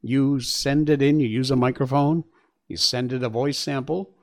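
A man's voice: medium pitch, steady tone, normal speed, darkish tone. A man hosting a show, reading news stories aloud and reacting with chatty, exclaiming asides. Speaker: show host. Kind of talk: casual commentary on news stories.

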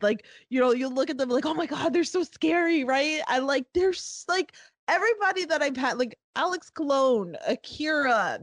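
A woman with a fairly high voice chats on a podcast as a guest. She is bubbly and gushing, piles on "like"s as she tells her stories, and sounds dry and close to the mic with no room sound. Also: a bit bright, no room sound. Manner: bubbly, gushing storyteller with many "like"s. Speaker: podcast host, guest on another podcast. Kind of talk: casual podcast chat.

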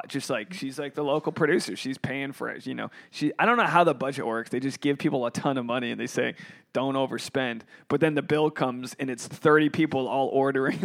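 A man hosting a podcast, telling jokey, profane stories in a rambling, casual way, recorded at a holiday resort. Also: medium pitch. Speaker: podcast host, comedian.

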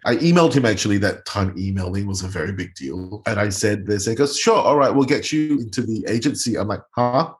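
A man's voice: fairly low pitch, fast, few pauses. Dramatic man telling stories. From Singapore. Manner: dramatic, acts out quotes in voices. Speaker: makeup artist guest. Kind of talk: animated storytelling interview.

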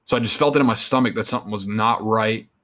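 A man's voice: on the low side, fast, a bit bright. A man being interviewed, telling a story from his life in a casual, rambling and profane way. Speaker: interview guest.

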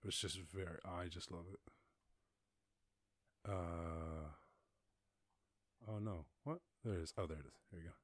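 A man from Ireland hosting a casual livestream chat, rambling, animated and laughing often as he talks. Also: low-pitched, unhurried, pauses often, no echo. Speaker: host.

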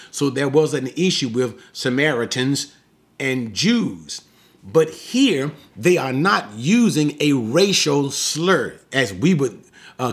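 A man teaching the Bible in a sermon style, emphatic, asking rhetorical questions and slowing down to stress quoted lines. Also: medium pitch. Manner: slows down sharply to stress quoted words.

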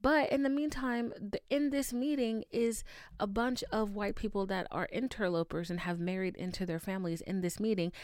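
A woman hosting a podcast in casual chat, animated, chatty and freely profane. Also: medium pitch, normal speed, no echo, clean studio sound. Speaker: podcast host.

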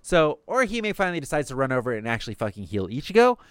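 Guy recapping an anime, lively up-and-down voice, smooth and dry. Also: mid-range voice, fast, no room sound. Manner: swears casually, acts out quotes in passing. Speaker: podcast host recapping an anime. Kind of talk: casual recap chat.

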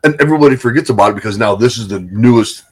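This man is in casual conversation, telling stories at an animated pace and swearing often. His pitch is at a middle level for a man. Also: rapid-fire, breathy edge. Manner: profane, animated storytelling. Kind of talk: casual chat.

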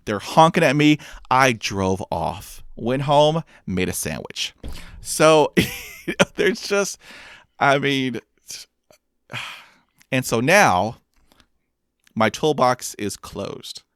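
A man's voice: mid-range voice, sing-song, very slow, pauses often, fairly bright tone, clean tone, dry recording, studio quality. A man who stutters, with blocks and repeated sounds, telling a self-mocking personal story and acting out quotes. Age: adult with a master's degree.

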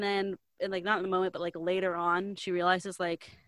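A woman in casual chat, retelling a story in a rambling, animated way, filling every pause with "like". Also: fairly low pitch, dry recording. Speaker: co-host recapping a book.

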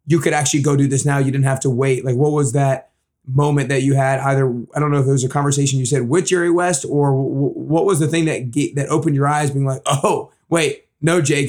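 A man hosting a podcast in casual interview chat, quick and chatty with halting restarts. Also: medium pitch, a little mellow. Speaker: podcast host.

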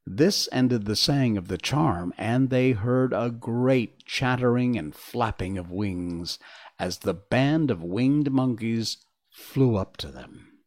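A man reading a children's storybook aloud, slow and expressive. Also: medium pitch.

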